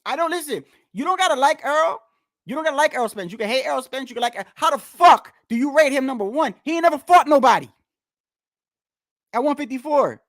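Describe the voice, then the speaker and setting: Man, heated boxing rant, lively swinging pitch, dry close sound, profane and repetitive. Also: quick pace, no echo. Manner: profane, repetitive, heated, talks straight to viewers. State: tired after a long day. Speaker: boxing commentator. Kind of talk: casual ranting commentary.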